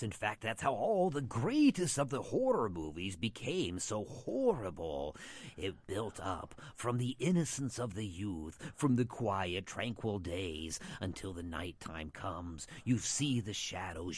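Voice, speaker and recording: A man's voice: lowish voice, a little mellow, no room sound. A man playing a macabre horror show host, dramatic and spooky in delivery. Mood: ominous. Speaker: guest.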